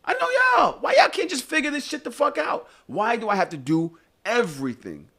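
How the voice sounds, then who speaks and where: A man's voice: very high voice, brisk, breathy edge. A man co-hosting a podcast, ranting in casual chat with swearing and exasperated questions. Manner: animated, exasperated, swears and rants. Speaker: podcast co-host.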